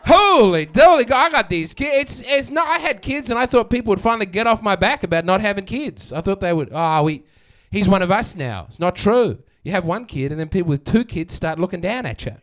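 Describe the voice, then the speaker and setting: Guy doing stand-up, high voice, dry sardonic crowd work. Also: animated, brisk, few pauses, a bit bright. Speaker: stand-up comedian. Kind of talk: stand-up comedy set. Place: comedy venue with live audience.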